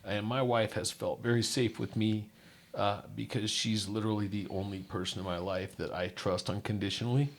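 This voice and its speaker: A man's voice: fairly low pitch, steady tone, moderate pace. A middle-aged man, a podcast guest, earnestly and casually telling a personal story from his life. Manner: earnest, casual, often says "dude".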